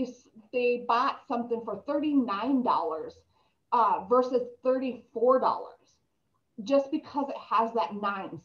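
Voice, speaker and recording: Chatty woman in an echoey room. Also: on the high side. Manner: chatty, storytelling, many ums. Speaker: real estate trainer. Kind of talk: casual talk to a group. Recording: echoey room, dull lo-fi sound.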